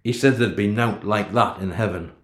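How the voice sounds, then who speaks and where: A man narrating a first-person story in a steady storytelling manner. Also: on the low side, normal speed. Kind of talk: storybook reading. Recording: echoey room.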